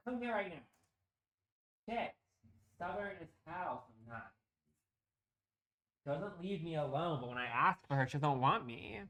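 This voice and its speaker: A man chatting loosely on a live stream, in a teasing, chatty way with plenty of casual swearing. He talks at an unhurried, drawn-out pace from home, rambling to his viewers as he plays. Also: on the high side, animated, fairly bright tone. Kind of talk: casual live-stream chat while gaming.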